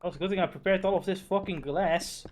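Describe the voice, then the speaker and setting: A man with a high-pitched voice chats excitedly during a game, swearing as he tells stories. He talks in a loose, casual way and is quick to get worked up. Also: a little hiss or hum. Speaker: streamer. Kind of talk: casual gaming chat.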